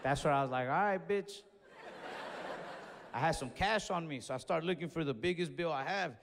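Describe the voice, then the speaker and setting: A stand-up comedian with a slightly high voice tells a story and jumps between characters. He is recorded live in a big reverberant hall. Faint audience ambience sits behind him. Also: normal speed, background noise. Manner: animated, acts out both sides of the story.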